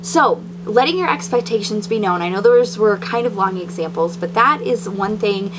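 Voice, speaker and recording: She's a young parent vlogger talking casually about parenting, animated and chatty, with lots of ums and likes and acted-out quotes to her kids. Medium pitch, normal speed, background noise behind her.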